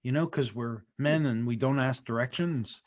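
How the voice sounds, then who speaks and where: A man hosting a comedy podcast, chatting casually and telling stories in an animated, joking way. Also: mid-range voice, moderate pace. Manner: animated, jokey storyteller. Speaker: podcast host.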